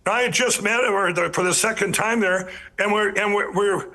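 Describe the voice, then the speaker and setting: A man with a high, forceful voice tells his story as a guest on a talk show. He talks earnestly and rambles, stumbling over restarts and repeating himself as he drives each point home. He often turns to address his listeners directly. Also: steady tone, normal speed. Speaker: podcast guest. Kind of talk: telling his life story in an interview.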